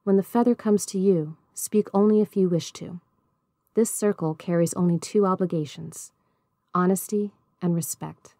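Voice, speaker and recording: A woman voicing a patient woman circle keeper in a storybook reading, measured and gentle. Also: on the low side, dry recording, studio quality, close to an everyday voice. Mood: calm.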